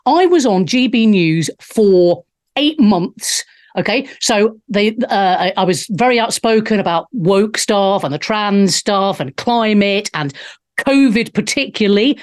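A woman from England hosting a live talk show, brash, jokey and outspoken in her monologue. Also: medium pitch.

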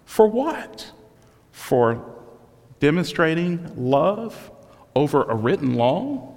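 A man's voice: a little high, very animated, takes it slowly, darkish tone, long reverb tail. A male pastor preaching a sermon, in a conversational, self-deprecating storytelling manner.

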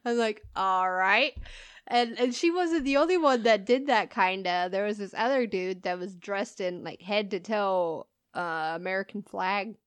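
A woman's voice: medium pitch, unhurried, smooth, no room sound. A woman co-hosting a podcast, telling stories in casual chat, laughing often and swearing as she acts out the people in them. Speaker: podcast co-host.

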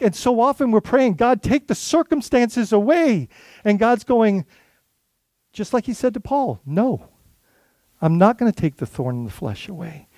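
High-voiced pastor preaching conversationally. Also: male voice, mellow, dry recording. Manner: conversational preaching with rhetorical questions and many restarts. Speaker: lead pastor. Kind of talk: sermon.

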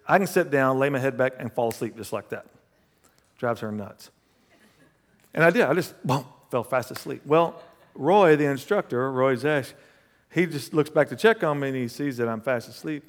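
A male pastor preaching a sermon and telling a personal story, animated, swinging between loud bursts and hushed asides. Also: medium pitch, moderate pace. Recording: long hall reverb.

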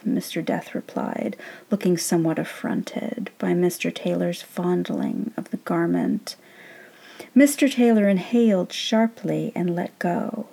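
A woman reading her own story aloud in a measured, gently wry narrating voice. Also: lowish voice, animated, gravelly.

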